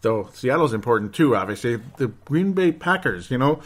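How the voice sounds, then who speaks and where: Sarcastic guy rambling about football scores, middle pitch, fake despair bits. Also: very animated, moderate pace. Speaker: sports podcast host. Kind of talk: casual sports commentary.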